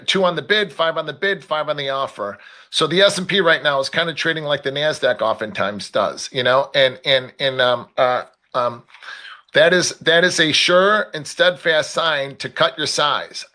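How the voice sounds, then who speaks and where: A man's voice: fairly high pitch, normal speed, pushed and bright. A man from Chicago with a South Side accent, hosting a live trading stream and giving loose, blunt market commentary while repeating price levels aloud.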